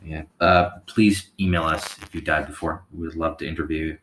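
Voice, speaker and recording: A man co-hosting a casual couch podcast, relaxed with dry, sarcastic humor. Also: a bass voice, moderate pace, a little hiss or hum, rough recording. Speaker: podcast co-host. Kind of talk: casual chat. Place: living room couch.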